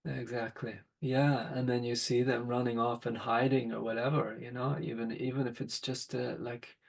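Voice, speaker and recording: A man with a gravelly, husky voice shares stories in a reflective podcast conversation. He talks gently and thoughtfully, taking his time with each point. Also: mid-range voice, level tone, normal speed, low-quality recording. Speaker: podcast guest, father.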